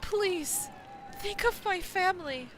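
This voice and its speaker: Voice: extremely high pitch, lively intonation, takes it slowly, a bit bright, a little hiss or hum, voice pushed up, heavily acted. A streamer reading a frightened accused village woman. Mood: pleading. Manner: pleading, desperate. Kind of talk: reading game dialogue aloud on stream.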